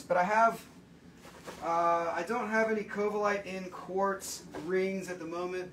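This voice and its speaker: Gravelly-voiced man selling gems live. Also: sits high, a little hiss or hum. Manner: rambling, profane, laughs easily. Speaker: livestream gem seller. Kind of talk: casual live-selling chat.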